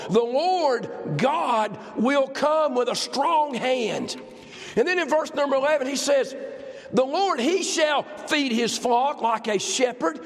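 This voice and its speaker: A man preaching a sermon to a congregation, fervent and repetitive, often breaking into shouts. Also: extremely high pitch. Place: church hall with congregation. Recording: long reverb of a church hall.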